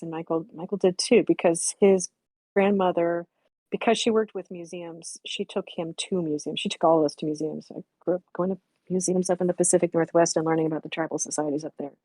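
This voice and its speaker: A woman's voice: fairly low pitch, darkish tone, dry recording. A woman in her sixties reminiscing candidly and reflectively, speaking frankly and swearing bluntly at times. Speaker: memorial stream guest.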